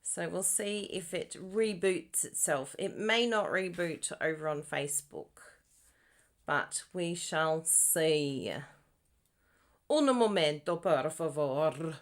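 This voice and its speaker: A woman's voice: fairly low pitch, slow, fairly bright tone. A woman hosting a casual live craft tutorial, bubbly and giggly, breaking into squealed exclamations as she chats to viewers. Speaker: papercraft demonstrator hosting a live stream.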